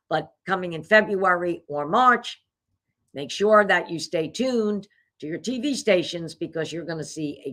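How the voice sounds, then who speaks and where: Upbeat woman host on a video call, lowish voice but bright, pushy promo energy. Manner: upbeat, promotional, spells out web addresses slowly. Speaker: host and pageant CEO. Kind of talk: live-streamed show hosting.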